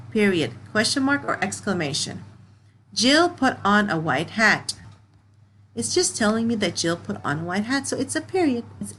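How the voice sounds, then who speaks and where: A woman's voice: medium pitch, a bit bright, slight background noise, low-quality recording. A woman teaching a children's grammar lesson, patient, reading example sentences and checking in with okay.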